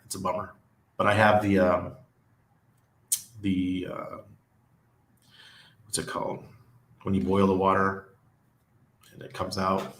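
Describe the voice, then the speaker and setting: A man's voice: low voice, fairly bright tone. A man hosting a casual live stream, chatting loosely and reading viewer comments aloud. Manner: rambling, with frequent restarts and laughs. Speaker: livestream host. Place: living in Panama. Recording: echoey room.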